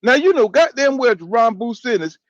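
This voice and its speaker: In a very high, animated voice and a brisk pace, a man in his fifties reads viewer comments on his boxing channel's live stream. He chats loosely, swears and talks back to chat. The audio has no echo and its highs are cut off.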